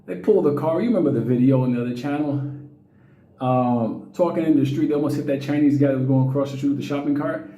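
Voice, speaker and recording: A middle-aged man, telling stories to his viewers in a casual, profane, animated way. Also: medium pitch, fast, reverberant, highs cut off. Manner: profane, animated, quotes people in raised voices. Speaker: vlogger.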